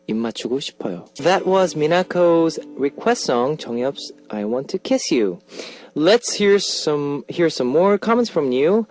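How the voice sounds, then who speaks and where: A male radio DJ hosting a music request show, reading listener messages aloud in a playful, animated way. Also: fairly high pitch. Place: radio studio. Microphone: studio microphone.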